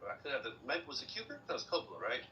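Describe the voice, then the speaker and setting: Brief: quick, bright male voice, eager trivia-sharer, casual podcast chat, dull lo-fi sound. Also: mid-range voice, huge pitch swings, a little hiss or hum.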